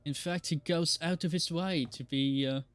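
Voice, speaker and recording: A man's voice: on the high side, steady tone, moderate pace, a bit bright, faint music behind. A man casually chatting while streaming a game live, rambling and joking with frequent laughs and the odd swear. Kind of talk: casual live gameplay chat.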